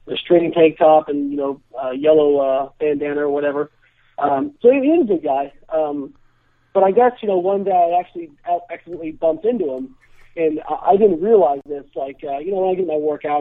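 A man's voice: on the high side, no room sound. A young man telling a long story casually on a call-in show, rambling with lots of fillers, heard over the phone. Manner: rambling, filler-heavy, laid-back. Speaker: guest. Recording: tinny phone line.

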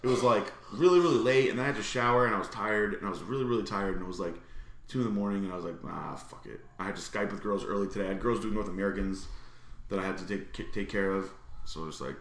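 A man's voice: lowish voice, racing, roomy sound. A young man co-hosting a podcast, crude and laid-back, telling stories in casual chat. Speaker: podcast co-host.

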